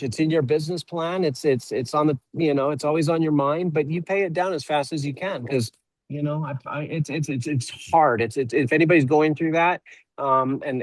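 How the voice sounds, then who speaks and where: A man who owns an auto repair shop, speaking as a guest on a webinar and telling a story in a halting way, often repeating words as he starts a sentence. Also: a little high, no echo, rough recording. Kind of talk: conversational storytelling.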